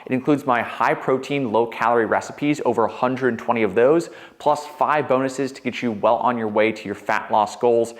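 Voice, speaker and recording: A young male fitness coach explains phases on a whiteboard in an upbeat, chatty way. He keeps a conversational rhythm and often checks in with "right?". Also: medium pitch. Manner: energetic, conversational, frequent "right?".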